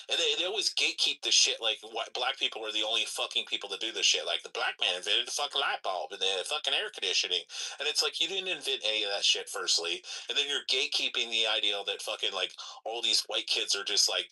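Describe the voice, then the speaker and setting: A man's voice: lowish voice, animated, fast talker, sharp tone, slightly rough, recorded from a distance, poor audio. A man hosting a podcast, ranting heatedly and swearing nonstop in rambling casual chat. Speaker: podcast host.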